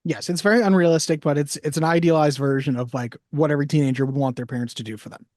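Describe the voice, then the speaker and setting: A man's voice: fairly high pitch, steady tone, fast, darkish tone, no echo, studio quality. A man co-hosting a film podcast, chatting casually with a wry, joking manner. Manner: wry, jokey, quotes lines in little voices. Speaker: podcast co-host. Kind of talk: casual chat.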